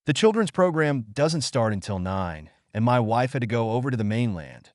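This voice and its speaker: A man's voice: mid-range voice, sing-song, normal speed, dry recording, studio quality, natural voice. A man voicing a busy chef and father in an audiobook. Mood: brisk. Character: British chef, adult man, harried father.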